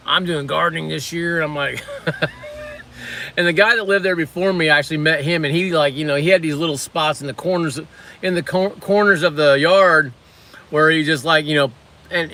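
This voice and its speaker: A man's voice: a little high, pushed and bright, slight background noise. A middle-aged man casually chatting on a livestream, rambling as he reviews snacks and reads out viewer comments. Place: on lunch break at a waterfront work site.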